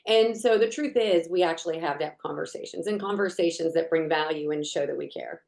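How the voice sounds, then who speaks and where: A woman's voice: sits low, brisk, vocal fry, a little mellow. A woman, a real estate coach on a coaching call, talking casually through hypothetical scenarios with fillers. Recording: echoey room sound.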